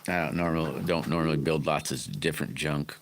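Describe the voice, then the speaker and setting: A man's voice: very deep voice, steady tone, fairly quick, background noise. A middle-aged man, rambling in a folksy way as he hosts a casual livestream and greets viewers by name. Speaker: livestream host chatting with viewers.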